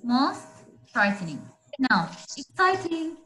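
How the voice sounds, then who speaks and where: A woman's voice: high voice, big pitch swings, takes it slowly, sharp tone, a little hiss or hum, rough recording. A woman teaches a grammar class over a video call. She walks through each rule patiently, step by step. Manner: patient, explains rules step by step. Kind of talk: online grammar lesson.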